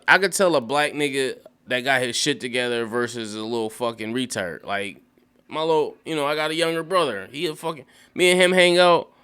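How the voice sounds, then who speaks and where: A young man casually rambling through a TV episode recap, profane and animated, breaking into quick acted quotes. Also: mid-range voice, smooth. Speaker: YouTube show recapper.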